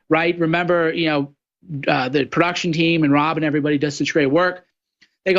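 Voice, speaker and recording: A man's voice: fairly high pitch, steady tone, fairly quick, fairly bright tone, highs cut off. A man guest-hosting a political talk show, delivering a mocking monologue that slips into sneering impressions of his opponents. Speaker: radio show guest host.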